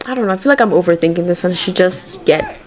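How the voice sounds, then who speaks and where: A woman's voice: lowish voice, lively intonation, fast, background noise. A woman giving casual, rambling let's-play commentary as she plays, swearing freely and talking to her game characters. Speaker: gaming video creator.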